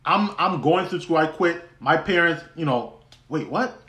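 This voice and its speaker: A man's voice: fairly high pitch, moderate pace, pushed and bright. A young man hosting a podcast, telling a personal story in a conversational way with many restarts and easy laughs. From U.S. Virgin Islands. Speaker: podcast host. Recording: roomy echo.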